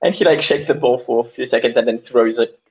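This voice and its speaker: A man in tabletop game banter, animated and rambling as he talks. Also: mid-range voice, fast, breathy edge. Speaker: player. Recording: dull lo-fi mic.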